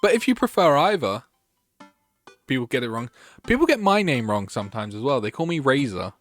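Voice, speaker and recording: A man streaming a dating game, reading its text aloud and chatting with viewers in between. His pitch jumps around a lot. Faint music plays underneath. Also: big pitch swings, a little fast, fairly bright tone. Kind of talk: gaming livestream chat.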